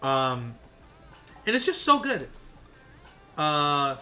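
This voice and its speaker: A tired young man streaming a game, chatting with viewers in an excitable, rambling way and swearing now and then. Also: fairly high pitch, extremely slow, faint music behind. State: tired, short on sleep. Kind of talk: casual live-stream chat while gaming.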